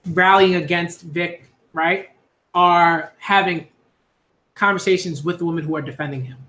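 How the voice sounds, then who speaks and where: A man's voice: sits high, bright, forceful tone, reverberant. A man speaking earnestly in a casual monologue, repeating himself with many fillers and restarts. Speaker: YouTube commentator.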